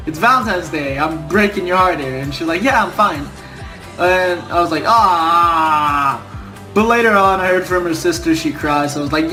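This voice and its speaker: High-voiced young man telling a story. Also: a bit bright. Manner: blunt and profane, jumping between asides. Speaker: vlogger. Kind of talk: casual storytime vlog.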